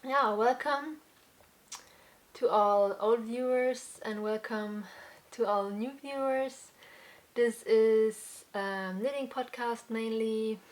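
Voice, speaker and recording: Slow, halting woman, a little breathless. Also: a little high. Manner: unhurried, with many fillers and restarts. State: slightly out of breath. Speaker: podcast host. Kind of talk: casual chat.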